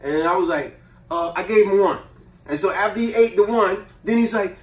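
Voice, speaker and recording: A man hosting a casual chat, telling a childhood story in an animated, slangy way. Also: sits high, moderate pace. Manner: animated, slangy, acts out voices. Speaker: host. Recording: roomy echo, distant mic.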